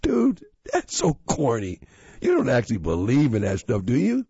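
A man's voice: medium pitch, huge pitch swings, moderate pace, gravelly, warm tone, husky, no echo, highs cut off, voice pushed up, heavily acted. A man voicing an obnoxious teenage boy, a cocky older cousin with a nasally, taunting voice, in a storybook reading. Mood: smug taunting.

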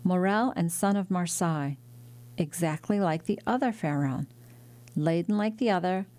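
A woman narrates a classic novel as an audiobook. Her voice sits a little low. She reads in a measured, dramatic way. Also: mellow. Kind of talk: scripted narration.

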